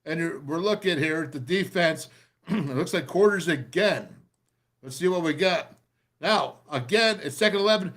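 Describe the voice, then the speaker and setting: Excitable man, high voice, football film breakdown, rambling and pumped up, middle-aged. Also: moderate pace. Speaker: radio show host breaking down game film.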